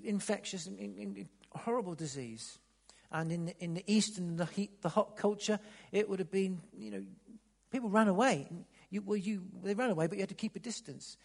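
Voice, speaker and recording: A man preaching a sermon, dropping to near-whispers, then rising to loud emphatic bursts, often repeating words as he restarts. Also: sits high, normal speed, creaky. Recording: long reverb of a large hall.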